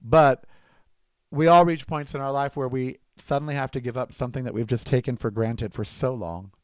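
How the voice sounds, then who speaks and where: A man's voice: medium pitch, steady tone, moderate pace, darkish tone, clear, resonant tone, dry recording. A man hosting a talk show, delivering a rambling political monologue that slides between sarcastic rants and personal stories. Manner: ranting, sarcastic, digressive. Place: Desert Breeze area, Southern California.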